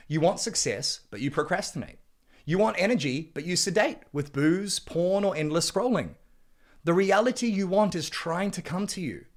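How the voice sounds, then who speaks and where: Blunt, swearing motivational man. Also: a little high. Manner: blunt, swearing, preachy, surges louder on key points. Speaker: men's coach narrating his book chapter. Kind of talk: motivational self-help reading.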